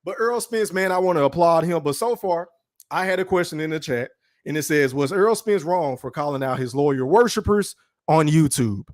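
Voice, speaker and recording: A man's voice: on the high side, lively intonation, moderate pace, darkish tone, dry recording, clean studio sound. A man hosting his own podcast livestream, talking in a blunt, profane casual rant from his room and tagging his points with "right?". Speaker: podcast host.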